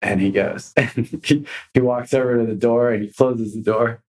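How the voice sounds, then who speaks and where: A man's voice: medium pitch, steady tone, normal speed, darkish tone, rough recording. A man on a podcast tells a story with energy. He acts out the people he quotes. His voice sits in an ordinary middle range. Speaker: guest; commercial real estate broker.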